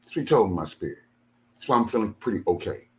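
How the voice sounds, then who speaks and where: Older man, low voice, aggrieved, emphatic, tired, venting monologue. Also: expressive, rapid-fire. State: tired after a sleepless night. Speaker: ministry leader. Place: home studio.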